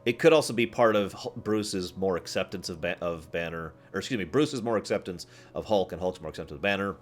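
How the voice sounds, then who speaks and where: A man streaming, chatting casually with his viewers in a rambling, animated way, often laughing and acting out scenes. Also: sits low, brisk. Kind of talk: casual chat with live chat.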